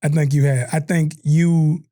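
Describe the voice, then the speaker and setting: A man co-hosting a casual podcast, talking in animated, slangy bursts and acting out quotes. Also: on the high side, measured pace. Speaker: podcast co-host.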